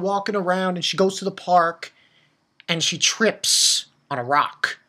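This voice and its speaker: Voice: medium pitch, sharp tone. An anime reviewer giving a casual episode recap, rambling with frequent restarts and fillers and getting emotional about the story.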